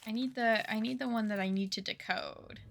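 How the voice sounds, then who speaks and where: A woman's voice: fairly high pitch, steady tone, a little fast, vocal fry, a bit bright, faint music behind. A young woman streaming a game, chatting casually and thinking aloud as she mutters puzzle clues to herself. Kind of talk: casual let's-play commentary.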